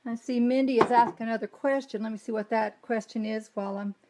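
A woman with a light Southern US accent hosts a live cooking demonstration from her home kitchen. Her voice sits a little high, and she talks in a friendly, chatty way, stopping to answer viewers' comments as she cooks. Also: steady tone, quick pace, noisy background. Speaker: cooking demo host.

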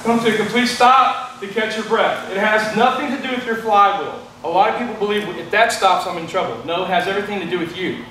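A man's voice: high voice, fast talker, hardly any pauses, sharp tone, a little hiss or hum. A man with a Texan accent explaining a rowing test as an instructor, plain and repetitive, checking in with "okay?" as he demonstrates. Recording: echoey room from a distance.

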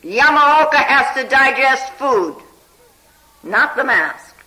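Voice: high-pitched, expressive, bright, forceful tone, poor audio. A meditation teacher giving a conversational spiritual talk, telling a Zen story and often checking in with the listeners with a questioning "hmm?" or "huh?". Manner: unhurried and conversational, full of "you know".

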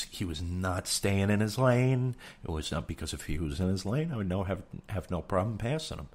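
A man's voice: low voice, breathy edge. A young man, hosting a podcast with a rambling, swearing, self-deprecating comedic rant. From New York. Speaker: podcast host.

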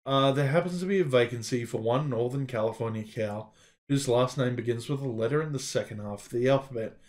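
A man's voice: fairly quick, a little mellow, close to an everyday voice. A man voicing a scheming male ox headmaster who purrs in a mild, girlish tone while reading a game's story aloud. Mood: purring. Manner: purring, syrupy, high girlish tone.

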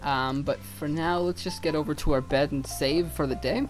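A man's voice: a little high, fairly even intonation, normal speed, faint music behind. Man rambling over gameplay. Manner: rambling, swears freely, thinks aloud. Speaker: let's play gamer. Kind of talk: casual gameplay commentary.

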